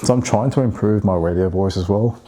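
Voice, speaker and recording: Low, mellow-voiced man rambling. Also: a little fast. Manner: rambling, many restarts and fillers. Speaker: vlogger. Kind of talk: casual monologue.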